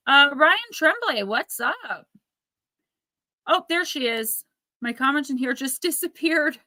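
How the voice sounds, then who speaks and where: A woman's voice: sits high, lively intonation, slow pace, pushed and bright, no echo. A woman in her thirties hosting a casual livestream, rambling and chatty as she reads out viewer comments. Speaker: livestream host.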